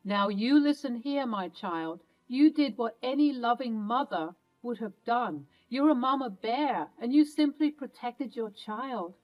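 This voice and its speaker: A woman's voice: fairly high pitch, animated, measured pace, few pauses, darkish tone, faint music behind, pitched above the performer's own voice, low-quality recording. A woman playing a kind, protective older grandmother. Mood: tender. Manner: soothing, motherly reassurance.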